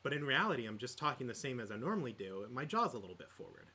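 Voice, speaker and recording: A man's voice: mid-range voice, sing-song, rapid-fire, bright, forceful tone, husky. A man co-hosting a podcast in casual chat, rambling with lots of fillers and laughs. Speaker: podcast co-host.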